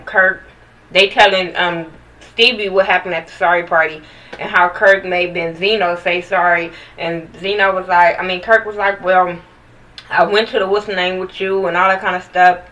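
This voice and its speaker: A woman's voice: on the low side, pushed and bright, far from the mic, poor audio. A woman giving a blunt, profane, sassy recap of a reality TV episode in casual chat, talking straight to the viewers.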